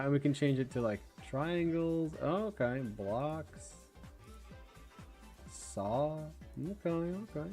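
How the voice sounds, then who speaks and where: A man's voice: medium pitch, a little mellow. A young man hosting a casual livestream, laughing often and thinking aloud while chatting, with faint game music behind him. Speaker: livestream host.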